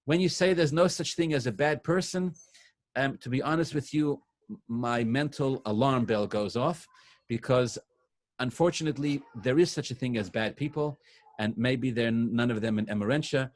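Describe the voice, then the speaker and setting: A man's voice: medium pitch, moderate pace. Conversational man giving a sermon. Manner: conversational, frequent restarts and fillers. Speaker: rabbi. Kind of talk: sermon-style Q&A to a congregation. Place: synagogue.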